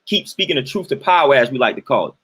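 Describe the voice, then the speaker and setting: A man's voice: mid-range voice, big pitch swings, quick pace, fairly bright tone, slightly rough. A man, giving an emphatic, repetitive, sermon-like monologue on his livestream. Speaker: livestream host.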